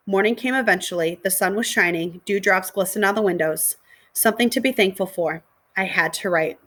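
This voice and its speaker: A woman, a middle school teacher, reading a children's novel aloud to her students in a steady, clear storytelling voice. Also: mid-range voice, brisk.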